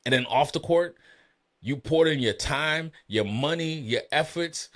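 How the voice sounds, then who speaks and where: A man hosting a podcast, ranting heatedly and profanely about sports with loud emphatic outbursts. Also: a little high, measured pace. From Boston area. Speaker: podcast host. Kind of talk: solo sports rant.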